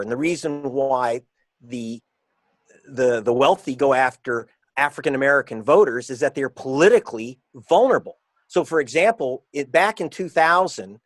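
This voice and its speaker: Man, author guest, emphatic and combative, slows down to stress points, dry sound. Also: mid-range voice, no echo. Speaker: author and investigative reporter. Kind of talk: interview guest.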